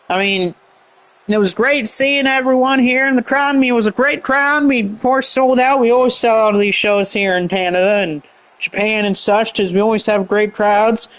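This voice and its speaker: A man's voice: high-pitched, a bit bright. A man doing rambling play-by-play commentary on a wrestling show, heavy on fillers.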